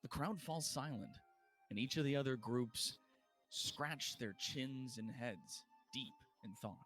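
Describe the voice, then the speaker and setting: A man's voice: mid-range voice, animated, slow pace, fairly bright tone, soft background music. A man narrating a tabletop game as dungeon master, casual, with frequent fillers and restarts.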